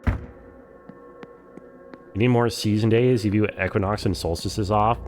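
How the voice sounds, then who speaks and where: A man's voice: on the low side, measured pace, long pauses, soft background music. A young man with a Californian accent streaming a game, chatting casually and saying "like" a lot. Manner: chatty, relaxed, lots of "like". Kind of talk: casual live-stream chat.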